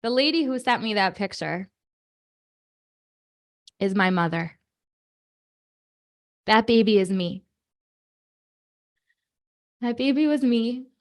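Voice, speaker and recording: A woman in her thirties, hosting a children's prayer program on a video call, chatty and animated with many fillers and asides. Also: on the high side, slow, pauses often. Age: 30s. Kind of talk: lively talk to kids on a video call.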